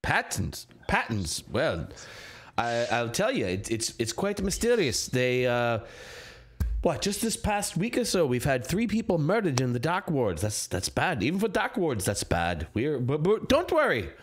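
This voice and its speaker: A man's voice: medium pitch, wildly swooping pitch, unhurried, pitched below the performer's own voice. A man voicing a blustering middle-aged Irish watch captain with a put-on Irish accent and evasive, bumbling reassurance.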